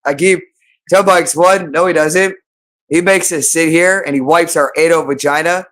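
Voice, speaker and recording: On an unscripted livestream monologue, a man talks off the cuff in a slightly raised, fairly high, fairly bright voice, keeping a steady tone at a moderate pace. He swears constantly and repeats the same phrases over and over in long, insistent runs.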